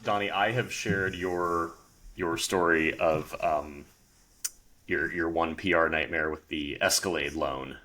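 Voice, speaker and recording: A man hosting a podcast in a relaxed, chatty way, with frequent ums. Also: sits low, slow. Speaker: podcast host, car journalist. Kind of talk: casual podcast chat.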